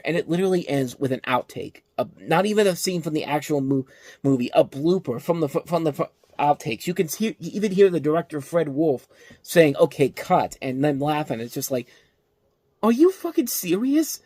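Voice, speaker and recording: Man, movie review host, exasperated rant, higher voice, dry close sound. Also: dry recording. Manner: exasperated, animated ranting with restarts.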